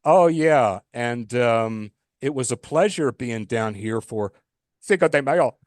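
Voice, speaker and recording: A man imitating a cheery male TV reporter with a bright, overly upbeat delivery. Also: medium pitch, takes it slowly, dry recording, close to an everyday voice.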